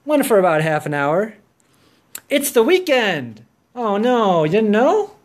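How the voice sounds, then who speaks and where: Here a podcast host chats alone in an unhurried, high-pitched, sing-song voice. He is hyper and goofy, rambling through a casual solo episode.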